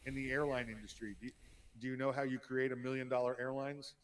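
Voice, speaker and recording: A man's voice: medium pitch, level tone, fast. A man co-hosting a casual political talk podcast, speaking plainly with short replies. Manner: plain, terse, reads ads. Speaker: podcast co-host.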